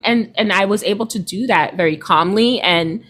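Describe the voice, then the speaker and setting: A woman's voice: medium pitch, moderate pace. A woman in her thirties, a guest in an interview, talking casually and animatedly, often acting out what other people said. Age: 30s. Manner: chatty, animated, quotes people in put-on voices, laughs often.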